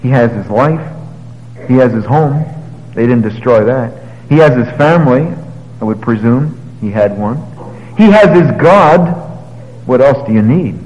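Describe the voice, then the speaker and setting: A man preaching a sermon, telling the story with lively paraphrases and moving between loud, emphatic passages and quiet, low ones. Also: moderate pace, lo-fi sound. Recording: long hall reverb.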